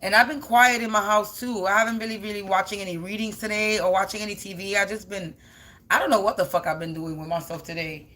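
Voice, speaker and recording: A woman's voice: mid-range voice, steady tone, quick pace, pushed and bright. A woman who reads tarot cards talks straight to her viewers in a loose, rambling way. Her speech is blunt and slangy, full of casual swearing. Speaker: tarot card reader.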